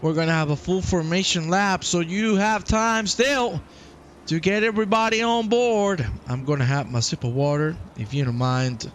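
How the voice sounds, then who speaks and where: A man's voice: sits high, normal speed, a little hiss or hum. A young man hosting a live sim racing stream, commentating playfully and chatting with his viewers. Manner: playful and excitable, chats with viewers.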